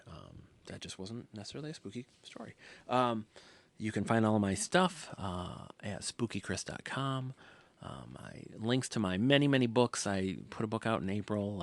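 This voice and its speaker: A man hosting his own podcast, telling a rambling story casually and often dropping to a hushed near-whisper. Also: sits low, creaky. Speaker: podcast host.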